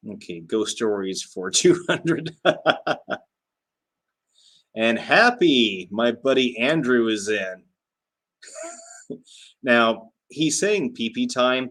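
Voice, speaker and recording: Casual male livestream host, low-pitched, chatty, laughs a lot and fills pauses. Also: a bit bright. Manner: chatty, laughs often, many fillers. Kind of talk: casual livestream chat reading comments.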